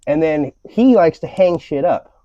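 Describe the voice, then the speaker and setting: A man's voice: on the high side, expressive, a little slow, mellow, no echo. A man hosting a podcast, talking in a casual, profane and rambling way as he rants. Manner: profane, rambling ranting delivery. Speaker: podcast host. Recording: slightly dull lo-fi audio.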